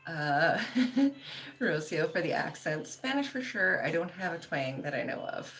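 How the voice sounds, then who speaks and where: A woman's voice: lowish voice, sing-song, measured pace, a bit bright. A woman hosting a casual livestream, chatting loosely with lots of "like" and laughing often as she reads viewer comments. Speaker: livestream host.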